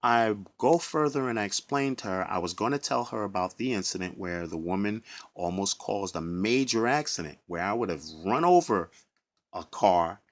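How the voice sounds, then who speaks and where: A man's voice: lowish voice, normal speed. Man giving an emotional personal account. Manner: emotional, acts out what others said. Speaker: bus driver. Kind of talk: personal testimony to camera.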